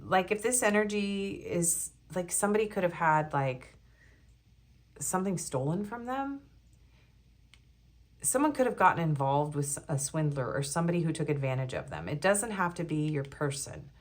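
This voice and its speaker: A woman with a fairly low voice chats her way through a pick-a-card tarot reading. She rambles, giggles often and leans on fillers as she goes. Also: big pitch swings, normal speed. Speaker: tarot reader.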